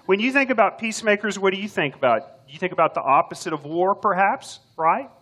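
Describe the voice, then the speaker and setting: A man's voice: high-pitched, expressive, quick pace, fairly bright tone. An older man, filling in as preacher, delivering a sermon in a folksy, joking storytelling way. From Texas. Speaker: substitute preacher.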